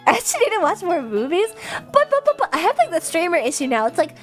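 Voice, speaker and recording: A young adult woman chatting casually as a livestreamer, answering viewers' comments in an animated, chatty way with frequent laughter and casual swearing. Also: extremely high pitch, very fast, soft background music.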